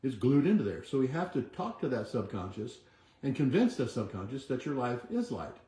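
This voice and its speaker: A man's voice: medium pitch, very animated, a little fast, dark tone. A man hosting a weekly wellness video, giving a motivational talk and coaching listeners through movements and repeated affirmations. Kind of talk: motivational talk with guided exercise. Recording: echoey room.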